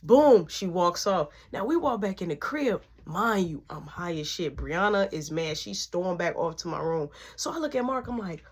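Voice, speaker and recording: A woman's voice: lowish voice, lively intonation, moderate pace, few pauses. A young woman telling a story in a casual vlog, acting out each person in it.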